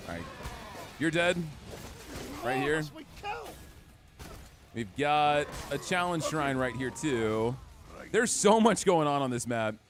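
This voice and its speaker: A young man commenting excitedly on his gameplay, chatty and trash-talking enemies as he streams. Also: fairly high pitch, slow, pauses often. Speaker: gaming streamer. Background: game music.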